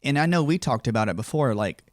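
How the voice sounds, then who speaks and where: A man's voice: mid-range voice, animated, quick pace, no echo, clean studio sound. A man hosting a podcast, a doctor who chats casually and asks long, rambling questions. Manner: rambling questions, frequent affirming backchannels. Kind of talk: casual interview chat.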